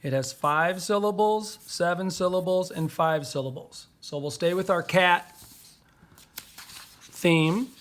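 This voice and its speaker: Slow, patient man teaching poetry. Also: high-pitched, a bit bright. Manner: patient, slowly sounding out words and syllables. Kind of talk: poetry lesson for young children.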